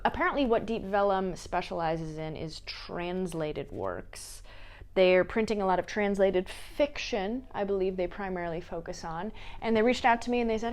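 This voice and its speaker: A woman vlogging about her books in a casual, playful way, with jokey asides. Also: mid-range voice. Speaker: book vlogger. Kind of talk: casual chat.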